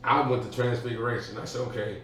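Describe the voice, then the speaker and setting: A man telling an animated childhood story in a casual podcast chat. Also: mid-range voice, fast talker, slight background noise. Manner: animated, acts out voices in his story. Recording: echoey room, far from the mic.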